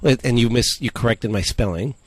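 A man's voice: mid-range voice, normal speed, no echo. A man hosting a casual podcast in a garage, laid-back and agreeable. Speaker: podcast host.

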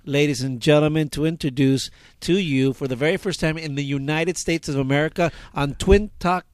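Guy hosting a radio chat, joking around, lots of restarts, kinda high-pitched. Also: a little fast, dry recording. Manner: loud, joking, rambling with restarts. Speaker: radio show host. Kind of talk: casual radio interview.

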